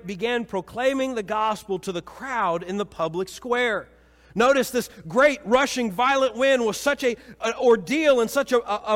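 High-voiced preacher man in a reverberant church. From Missouri. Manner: storytelling preacher, swings from excited to low and solemn. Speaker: pastor. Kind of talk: sermon.

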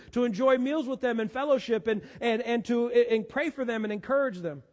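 A man's voice: very high voice, fairly quick, few pauses, big-room sound. A man preaching a sermon as pastor, earnest and given to repeating words as he searches for the next one. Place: church sanctuary.

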